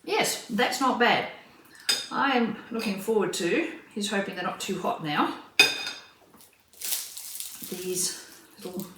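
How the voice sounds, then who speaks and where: Slow, chatty woman cooking in a roomy kitchen. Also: medium pitch, animated, fairly bright tone. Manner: unhurried, chatty, talks while cooking and tasting. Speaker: cooking vlogger. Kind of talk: casual cooking vlog narration. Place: home kitchen. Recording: roomy, distant mic, faint kitchen noise.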